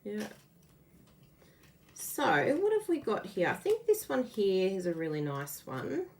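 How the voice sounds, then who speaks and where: A woman hosting a casual card-making demo, chatty and quick to laugh as she works. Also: mid-range voice, wildly swooping pitch, gravelly, a little hiss or hum. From Australia. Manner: chatty, laughs often, explains while working. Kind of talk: casual live craft demo.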